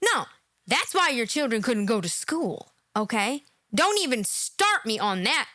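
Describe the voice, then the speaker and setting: Mocking high-voiced American woman host. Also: sing-song, a little slow, sharp tone, dry recording. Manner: mocking, exasperated, mimics guests. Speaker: commentary show host. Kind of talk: sarcastic reaction commentary.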